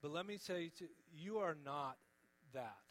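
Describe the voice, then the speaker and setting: A man preaching with a slightly higher voice, earnest and gentle. He pleads with his listeners and lets key words fall quiet. A faint mains hum sits under the recording. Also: lively intonation, measured pace, low-quality recording. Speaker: pastor. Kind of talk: sermon.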